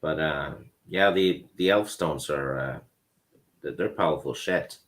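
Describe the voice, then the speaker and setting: A man chatting casually as a guest in a book discussion, halting and hesitant. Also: extremely low pitch, fairly bright tone. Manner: hesitant, halting, lots of fillers. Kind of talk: casual chat.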